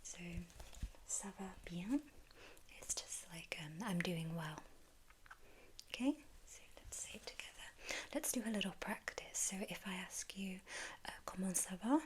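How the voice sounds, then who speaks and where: A woman with an English accent, teaching in a whispered role-play as a gentle language tutor who prompts the listener to repeat. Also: mid-range voice, unhurried, pauses often.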